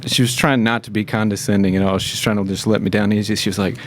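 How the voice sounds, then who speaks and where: A man, a podcast guest telling stories in a rapid, animated way, full of fillers and chuckles, recorded in a studio. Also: on the low side, slight background noise. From Tennessee, USA. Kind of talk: casual storytelling in a podcast interview.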